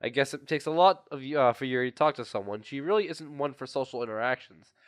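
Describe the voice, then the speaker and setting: A man's voice: medium pitch, fast, smooth, no room sound, studio quality. A young man reading a visual novel game aloud and chatting between lines, his throat sore and coughing. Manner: chatty, rambling asides. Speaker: gaming video creator.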